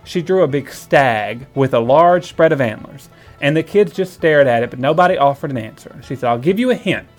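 A man's voice: medium pitch, expressive, normal speed, faint music behind. A man co-hosting a comedy podcast, telling bad jokes in casual banter and laughing at his own punchlines. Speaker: podcast co-host.

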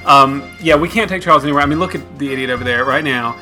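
A man's voice: mid-range voice, fast, pushed and bright, faint music behind. A man co-hosting a comedy podcast, joking and laughing through playful banter. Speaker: podcast co-host. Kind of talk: comic banter on tour.

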